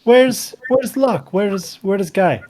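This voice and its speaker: A man voicing a surprised woman villager in a tabletop role-play, speaking high-pitched and questioning. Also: expressive, slow pace, darkish tone, heavily acted.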